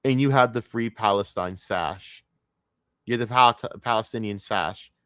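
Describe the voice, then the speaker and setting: A male streamer tears into what he's watching, swearing in nearly every sentence. His voice sits on the low side and sounds close and dry, with no room sound. The delivery is scornful, with sudden loud outbursts. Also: dry recording. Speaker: streamer reacting to a documentary. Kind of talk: profane ranting commentary.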